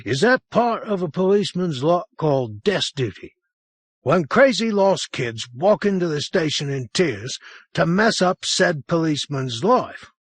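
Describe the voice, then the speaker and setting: A man's voice: medium pitch, sing-song, unhurried, breathy edge, dry recording, voice pushed up. A man playing a weary, patient police sergeant. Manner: dry, patiently teasing.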